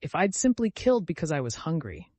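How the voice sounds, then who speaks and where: A man's voice: fairly high pitch, big pitch swings, brisk, darkish tone, dry recording, pitched above the performer's own voice. A man voicing a tormented young man confessing a murder, speaking in an anguished, pleading way.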